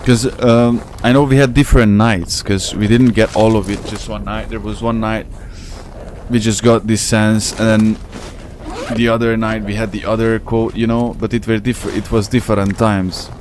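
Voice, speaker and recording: A man's voice: on the low side, level tone, moderate pace, a little mellow. Streamer guy rambling to chat while he plays, non-native accent, bit of faint noise behind. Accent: non-native English. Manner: chatty, rambling, slangy, talks to chat. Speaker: gaming streamer. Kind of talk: casual live gameplay commentary.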